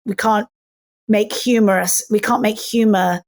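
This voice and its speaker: A middle-aged English actress chatting playfully in an interview, animated and fond of slipping into mimicry. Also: female voice, medium pitch, measured pace. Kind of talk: casual interview chat.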